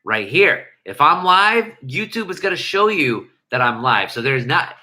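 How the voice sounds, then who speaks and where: A man hosts a casual livestream, reading viewer comments and riffing at length. His voice is strikingly bright and forward. He swears freely and wanders through restarts and asides. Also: on the high side, very animated, a little slow. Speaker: livestream host.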